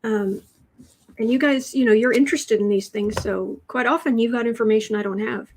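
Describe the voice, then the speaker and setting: Speaking fairly quickly in a slightly high voice, with a little hiss or hum audible, this woman from Chicago, USA answers chat questions during a live tarot reading. Wry and chatty, the tarot and astrology host often drifts off mid-thought and restarts, broadcasting from a home room with adjustable lighting.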